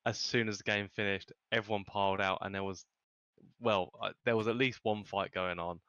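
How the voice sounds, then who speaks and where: A man's voice: fairly low pitch, fairly even intonation, a little fast, a bit bright, smooth, no echo, muffled recording. A man co-hosting a casual podcast, telling stories hesitantly with many restarts. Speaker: podcast co-host.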